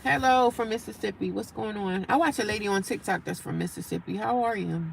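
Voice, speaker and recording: A woman's voice: medium pitch, fairly quick, gravelly, a little hiss or hum, poor audio. A woman hosting a casual livestream, talking straight to her viewers, greeting them by name and often repeating herself as she goes. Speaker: livestream host.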